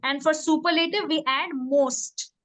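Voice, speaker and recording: Slow, patient woman teaching grammar. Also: sits high, fairly even intonation, fairly bright tone, dry recording, rough recording. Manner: patient, repeats words, asks students to repeat. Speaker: English teacher. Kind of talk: classroom grammar lesson.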